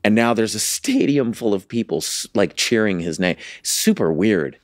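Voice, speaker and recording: A man's voice: on the low side, expressive, moderate pace, dry recording, studio quality. A man co-hosting a podcast in casual chat, playful and riffing on jokes. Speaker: podcast co-host.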